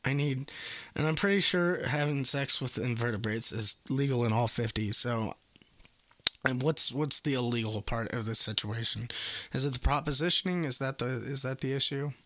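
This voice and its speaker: A man's voice: medium pitch, normal speed, fairly bright tone, no room sound. A man making a prank phone call, rambling and swearing in angry outbursts. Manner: profane, rambling, escalating outbursts. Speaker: prank caller.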